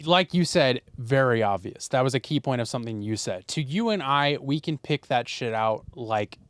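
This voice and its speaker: Animated young man, opinionated podcast co-host. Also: mid-range voice, moderate pace, no echo, clean studio sound. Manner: animated, opinionated, frequent swearing and fillers. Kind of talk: casual chat.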